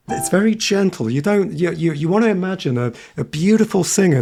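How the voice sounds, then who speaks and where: A man's voice: a little high, lively intonation, moderate pace, gravelly, few pauses. Piano teacher, man in his 30s, talks then hums lines in "da da", piano playing under him. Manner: sings phrases on nonsense syllables while explaining. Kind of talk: piano tutorial. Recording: piano played behind speech.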